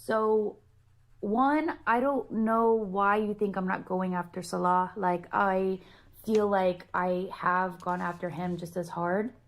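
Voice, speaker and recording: A woman's voice: mid-range voice, level tone, takes it slowly. A woman talking casually to camera in a vlog, defending herself against critics in a rambling way. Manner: defensive, rambling, mocks critics in quoted voices. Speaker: content creator in a played clip.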